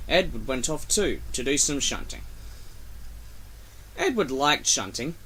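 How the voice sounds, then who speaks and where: A man's voice: medium pitch, big pitch swings, unhurried, pauses often, a bit bright, slight background noise. Man reading a storybook expressively.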